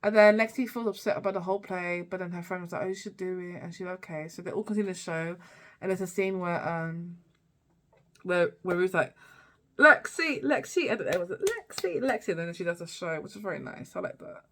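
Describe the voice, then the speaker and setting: A woman's voice: on the low side, fairly even intonation, quick pace. Chatty young woman recapping a show. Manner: rambling, chatty, many fillers and restarts. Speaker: TV review vlogger. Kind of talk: casual recap chat.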